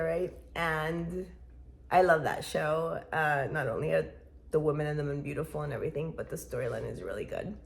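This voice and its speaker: A woman's voice: sits low, expressive, brisk, vocal fry. A woman vlogger rambling casually to her viewers in a chatty, playful way, laughing often. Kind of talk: casual rambling vlog chat.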